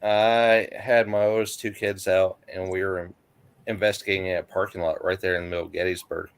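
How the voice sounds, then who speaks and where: Low-voiced easygoing middle-aged man. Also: flat delivery, brisk, clear, resonant tone, no echo. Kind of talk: casual chat.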